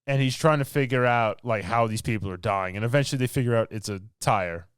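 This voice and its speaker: A man with a smooth, resonant voice rambles through a movie plot for his podcast, full of fillers and asides. The sound is close and dry, with no room around it. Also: mid-range voice, fairly quick, no room sound. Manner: rambling, filler-heavy storytelling with laughs. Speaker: podcast co-host. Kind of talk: casual movie recap.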